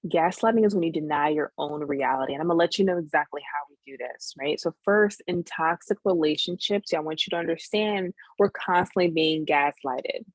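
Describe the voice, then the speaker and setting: Earnest woman teaching a webinar, lowish voice. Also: brisk, few pauses, dry recording, poor audio. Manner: earnest, keeps checking in with "right?". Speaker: therapist hosting a webinar.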